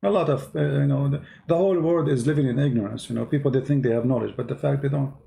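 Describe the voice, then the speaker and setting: Fervent man with a gravelly dark voice. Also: mid-range voice, fast. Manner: fervent, emphatic, repeats phrases. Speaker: host. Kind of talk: preaching to a caller on a live stream.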